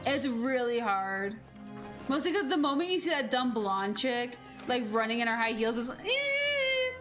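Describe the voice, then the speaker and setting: A woman in her twenties chats casually while she plays, rambling through stories with plenty of fillers and casual swearing. Her voice sits high. Faint game music runs under her talk. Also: normal speed. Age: 20s. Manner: rambling and animated, heavy on fillers, swears freely. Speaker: game streamer. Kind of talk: casual gameplay chat.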